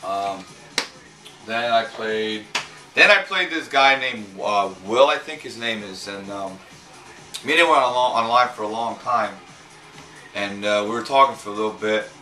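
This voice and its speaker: Hesitant man, bright voice in a roomy space. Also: on the low side, measured pace. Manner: hesitant, repeats words, swears casually. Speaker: fighting-game player recapping a tournament. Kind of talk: casual rambling recap. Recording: roomy, far from mic, faint music.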